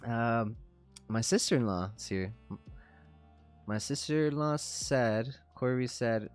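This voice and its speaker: A man's voice: mid-range voice, slow pace, clear, resonant tone, faint music behind. A man in his thirties hosting a trading livestream, telling stories in a laid-back, profane way and laughing often. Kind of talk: casual livestream chat.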